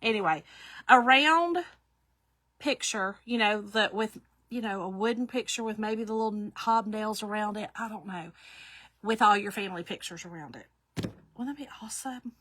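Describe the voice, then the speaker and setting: A woman's voice: mid-range voice, normal speed, a bit bright. A middle-aged woman hosting a live craft demo, chatty and laughing often as she greets viewers by name. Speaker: craft livestream host.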